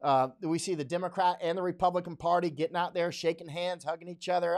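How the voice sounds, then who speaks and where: A man's voice: high-pitched, fairly even intonation, quick pace. A middle-aged man hosting a live stream, talking bluntly and emphatically, often repeating himself to drive a point home. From United States. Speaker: livestream host. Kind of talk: unscripted live commentary.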